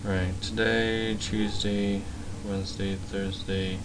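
A man's voice: lowish voice, level tone, slow pace, background noise. A man co-hosting a podcast in a rambling, casual chat. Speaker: podcast co-host.

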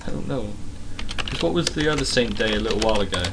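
A man's voice: on the low side, expressive, fast talker, gravelly, noisy background. A man co-hosting a podcast in a rambling, casual chat. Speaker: podcast co-host.

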